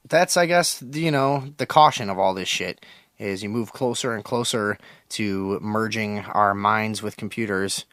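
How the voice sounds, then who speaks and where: A man's voice: lowish voice, fairly bright tone, clean tone, no room sound. Brief: man, radio host, profane and rambling, very dry close studio sound. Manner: crude, loose, swearing, mock-aggressive with callers. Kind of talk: profane call-in radio talk.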